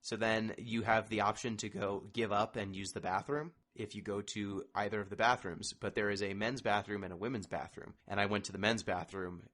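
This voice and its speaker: A man's voice: lowish voice, fairly even intonation, fairly quick, few pauses, fairly bright tone. A man hosting a casual podcast chat about a video game, wry and discursive as he steers the talk. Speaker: podcast host.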